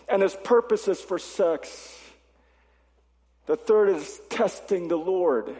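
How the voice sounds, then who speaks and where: A male pastor preaching a sermon in a lively, conversational way, with jokey asides to the congregation. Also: very high voice. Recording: long reverb of a large hall.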